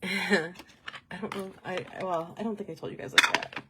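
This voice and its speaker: A young woman hosting a livestream, chatting casually and telling an animated story, laughing often along the way. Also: on the low side, normal speed, noisy background. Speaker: host.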